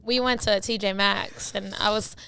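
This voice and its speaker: A woman's voice: medium pitch, steady tone, moderate pace, vocal fry, bright, forceful tone. A woman co-hosting a podcast, chatting casually and swearing a lot. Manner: chatty, profane. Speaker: podcast co-host. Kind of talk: casual chat.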